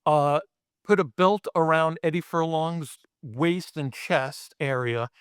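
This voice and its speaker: A middle-aged Brooklyn man with a thick local accent tells stories from the film set, swearing freely and acting out booms and camera sounds. His voice sits a little higher than most men's. The recording is close and dry, with no room around it. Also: slow, clear, resonant tone, dry recording. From Brooklyn, New York. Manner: profane and animated, acting out sound effects. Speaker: podcast guest, special effects artist. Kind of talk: casual storytelling.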